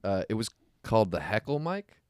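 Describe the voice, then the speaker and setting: A man's voice: lowish voice, very animated, a little fast, a little hiss or hum. A man, a comedian co-hosting a casual chat, who tells stories and acts out heckles in a raised voice. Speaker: comedian podcast co-host.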